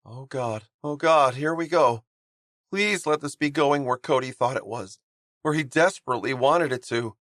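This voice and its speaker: A man doing an eager nervous young hockey player, hoarse and hopeful, audiobook, dry booth sound. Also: medium pitch, normal speed, a bit bright, no room sound, pitched above the performer's own voice, lightly acted. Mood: anxious. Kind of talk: audiobook character voice.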